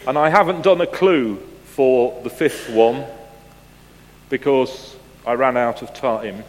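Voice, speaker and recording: Slow-speaking pastor in a reverberant church. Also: male voice, medium pitch, a little hiss or hum. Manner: conversational and gently humorous, asks the congregation questions. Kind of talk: sermon with picture-clue quiz.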